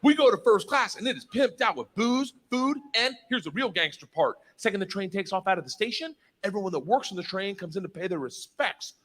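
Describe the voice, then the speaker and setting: A man's voice: sits high, lively intonation, brisk, hardly any pauses. A man in his fifties, a stand-up comedian telling a story on stage. He swears freely and laughs through his lines. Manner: loud, profane, laughing storytelling.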